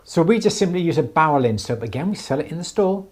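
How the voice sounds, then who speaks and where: A man's voice: a little high, animated, quick pace, a little mellow. Man explaining jewellery polishing. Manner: enthusiastic, rambling explanations with restarts. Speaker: jewellery teacher, show host. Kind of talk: live Q&A stream.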